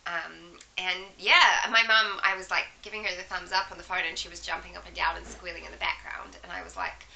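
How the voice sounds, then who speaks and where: Bright New Zealand woman with a head cold. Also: lowish voice, steady tone, brisk, low-quality recording. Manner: chatty storytelling with asides, coughs and throat clearing. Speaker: vlogger. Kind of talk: casual chat to camera.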